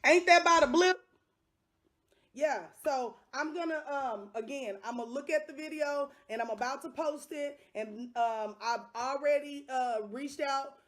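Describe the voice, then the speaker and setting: Impassioned high-voiced woman. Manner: impassioned, repeats phrases for emphasis. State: upset. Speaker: vlogger. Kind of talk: angry direct-to-camera vlog.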